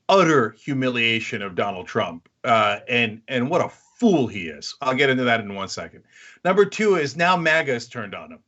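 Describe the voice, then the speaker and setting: A man hosting opinionated political commentary, animated and mocking. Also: mid-range voice, muffled recording. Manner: animated, mocking, mimics others in exaggerated voices.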